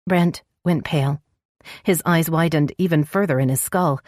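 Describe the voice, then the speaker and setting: A woman narrating an audiobook romance in a measured storytelling voice. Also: sits low, a little mellow, no echo, studio quality.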